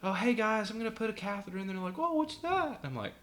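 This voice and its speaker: A man, a podcast guest, telling a casual anecdote with animated delivery, acting out voices and laughing often. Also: sits high, very fast, crowd noise. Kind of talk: casual storytelling.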